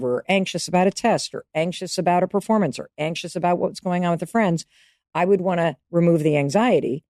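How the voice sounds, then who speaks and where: A woman's voice: low-pitched, warm tone, no room sound, clean studio sound. A woman in her fifties, a podcast guest giving advice in casual interview talk, emphatic and coaching, speaking straight to the listener.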